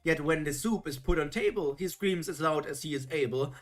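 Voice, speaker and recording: A woman's voice: sits low, fairly quick, few pauses. A woman streamer reading old children's rhymes aloud in a playful, theatrical way, adding joking comments between them. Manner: playful, theatrical, jokey asides.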